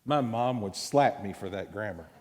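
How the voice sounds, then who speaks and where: A man, preaching a sermon as pastor, with slow, emphatic delivery, stressing single words and pausing between phrases. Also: on the low side, animated, a little mellow, slight background noise. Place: church sanctuary. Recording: long reverb of a large hall.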